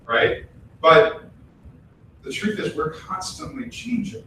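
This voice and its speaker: A man preaching a casual, conversational sermon at a temple, animated and chatty, breaking into voices as he tells examples. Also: high voice, slow, pauses often. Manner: animated, acts out quoted voices, chatty asides. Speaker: temple minister. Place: temple hall. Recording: echoey hall, distant mic, faint noise.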